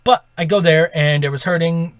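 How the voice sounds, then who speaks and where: A man with a fairly high voice tells a casual story to his audience. He rambles and corrects himself, dropping "right?" after his points. The sound is dry and close. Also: normal speed, dry recording. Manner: rambling, with self-corrections and "right?" tag questions. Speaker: storytime vlogger.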